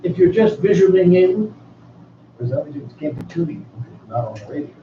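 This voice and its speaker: Man, radio host, loose jokey delivery, fairly high voice, dull lo-fi sound. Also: big pitch swings, brisk. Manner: rambling and jokey, restarts often. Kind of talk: casual radio chat. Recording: echoey, distant, dull, noisy room.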